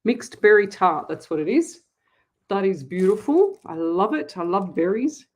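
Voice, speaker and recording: A woman's voice: medium pitch, lively intonation, unhurried, a little hiss or hum, rough recording. A woman from Australia hosting a casual livestream from her home office, chatting in a gushing way with many restarts. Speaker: psychic medium, livestream host. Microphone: webcam.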